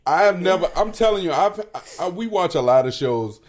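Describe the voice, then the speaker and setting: Male podcast co-host, lively pitch, casual and profane, laughs a lot. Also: a little fast. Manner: animated, profane, laughing often. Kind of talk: casual chat. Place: at home.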